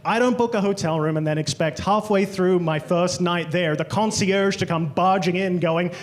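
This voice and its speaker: A man's voice: sits high, moderate pace. An Australian man doing a stand-up comedy set in a club, telling stories and quoting people in exaggerated voices. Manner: animated storytelling, quoting others in exaggerated voices.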